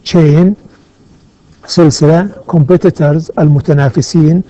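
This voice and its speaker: A man teaching an English grammar lesson, slow and methodical, pausing often with "uh" and glossing words in Arabic. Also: fairly high pitch, steady tone, dark tone. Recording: dull lo-fi sound.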